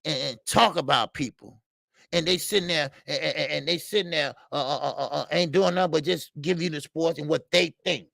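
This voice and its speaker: A man with a deeply gravelly, slightly raised voice rants on a boxing livestream. He talks bluntly and profanely, circling back to repeat his points as he gets worked up. The sound is close and dry, with no room around it. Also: a little fast, fairly bright tone, no echo. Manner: blunt, profane, repetitive, heated. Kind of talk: heated livestream rant.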